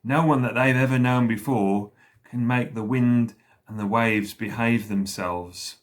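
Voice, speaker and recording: A man leading school worship, slowly retelling a story for children and pausing to ask them questions. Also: mid-range voice, steady tone.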